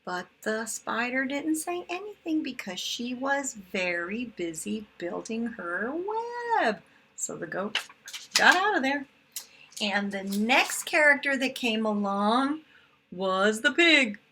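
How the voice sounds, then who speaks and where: A woman's voice: on the high side, sing-song, takes it slowly, bright, forceful tone, slightly rough. A woman teaching kindergarten, chatting simply to small children as she retells a picture book with paper puppets. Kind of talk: storybook retelling lesson for young children.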